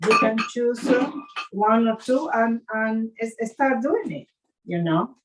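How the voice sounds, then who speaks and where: A woman chef leading a live cooking demonstration, speaking haltingly with fillers and restarts, an English speaker. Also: on the high side, lively intonation, soft background music, poor audio.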